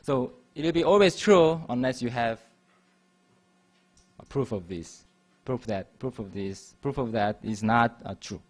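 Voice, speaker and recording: Male university lecturer, mid-pitched voice, patient and repetitive classroom explaining. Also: a little slow, darkish tone, faint music behind. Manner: repeats and restarts phrases while explaining.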